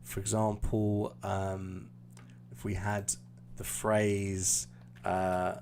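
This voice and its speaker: A man's voice: on the low side, flat delivery, very slow, creaky, a little mellow, slight background noise. A British man teaching pronunciation on a live stream lesson, explaining patiently with many fillers. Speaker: IELTS teacher.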